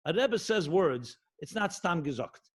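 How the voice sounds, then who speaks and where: A man's voice: high-pitched, animated, unhurried, slightly rough. A middle-aged man, a rabbi, giving an impassioned sermon with emphatic repetition and rhetorical questions. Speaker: rabbi teaching Jewish spirituality.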